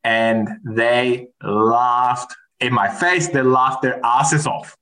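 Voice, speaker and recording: Man, mid-pitched voice, rambling storyteller, lots of restarts, casual interview talk. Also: fairly even intonation, very slow, sharp tone, poor audio. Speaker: guest.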